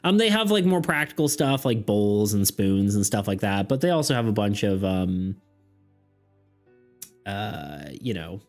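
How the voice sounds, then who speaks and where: A man's voice: lowish voice, sing-song, a little slow. Rambling male game master. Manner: rambling, hesitant, self-deprecating asides. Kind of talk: narrating a streamed tabletop game. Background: faint background music.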